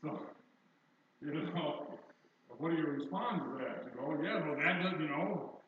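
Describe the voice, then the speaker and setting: A man's voice: a little high, animated, unhurried, noisy background. An older male pastor preaching a sermon in a conversational, storytelling way, with self-deprecating humor. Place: church sanctuary. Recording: distant, echoey, dull church recording.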